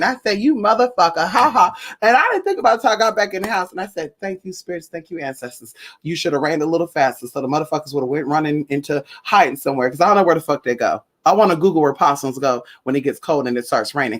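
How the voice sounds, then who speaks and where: A young woman from Northern California who tells a story to her viewers in a sassy, profane way. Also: mid-range voice. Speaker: spiritual vlogger. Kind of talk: casual storytelling vlog.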